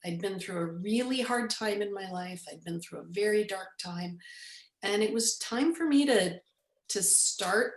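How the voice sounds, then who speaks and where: A woman in her forties tells a personal story in an interview, taking on the voices of the people in it. Her pitch sits in a mid range. The room sound is roomy and echoey. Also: unhurried. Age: 40s. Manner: animated storyteller, acts out quoted speech. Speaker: guest.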